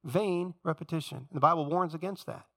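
A man preaching a sermon as pastor, swinging from loud emphasis to hushed, intimate confession. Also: fairly high pitch, fairly quick.

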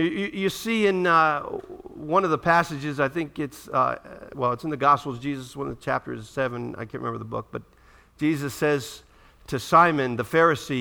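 Male pastor, sermon, high bright tone, animated storyteller. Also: vocal fry. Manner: animated storytelling, acts out quoted voices; checks in with listeners.

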